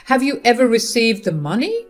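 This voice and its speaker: A woman narrator voicing a greedy, scheming husband who asks excited, eager questions. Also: very high voice, normal speed, faint music behind, pitched above the performer's own voice, heavily acted.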